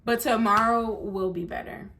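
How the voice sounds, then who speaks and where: A woman's voice: fairly high pitch, steady tone, normal speed, pushed and bright. A woman in her late twenties, vlogging candidly to viewers from her bed at night, tearful and sad, rambling as she talks to them directly. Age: 20s. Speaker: lifestyle vlogger. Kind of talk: candid vlog to camera. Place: bedroom at night.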